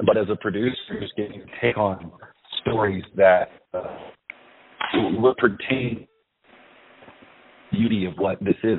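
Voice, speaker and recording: Low-voiced man on a tinny phone line. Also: a little hiss or hum. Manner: rambling, many fillers and restarts. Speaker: actor and producer, guest. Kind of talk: casual interview over a phone line.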